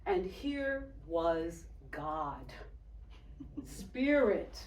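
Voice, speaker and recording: A woman from Haiti giving a testimony sermon, telling a story with animated delivery and acting out the voices of the people in it. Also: on the low side, drawn-out words. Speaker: speaker. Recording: echoey hall, distant mic.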